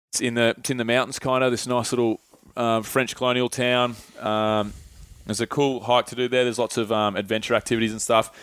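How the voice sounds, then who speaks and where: A young man spins a travel story in an easygoing podcast chat. He swears freely and puts on quick voices for the people he quotes. His voice sits at an ordinary male pitch in a dry room with no echo. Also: a bit bright, clean tone. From Australia. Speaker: podcast guest.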